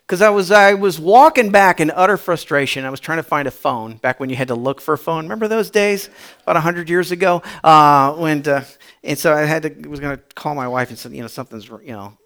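Storytelling preacher, slightly high voice. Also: male voice, brisk. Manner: chatty, repetitive, builds to loud emphatic bursts. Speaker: pastor. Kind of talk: sermon storytelling.

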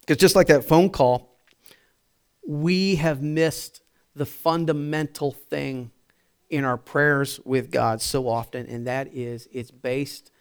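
A man's voice: medium pitch, fairly even intonation, slow, clean tone. A man preaching a sermon, telling a personal story in a chatty way with fillers and restarts, building to emphatic repeated phrases. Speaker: pastor.

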